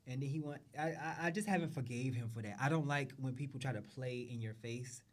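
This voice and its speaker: A man hosting a show chats about runway looks in a medium-pitched voice, a little on the fast side. The talk is loose and profane, and he tends to repeat himself and trail off mid-thought.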